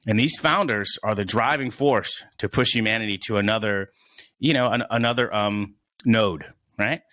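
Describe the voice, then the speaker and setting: A man's voice: lowish voice, normal speed, bright, forceful tone, dry recording. A young man in his twenties chatting as a podcast guest, rambling and searching for words as he goes. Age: 20s. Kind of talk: casual podcast chat.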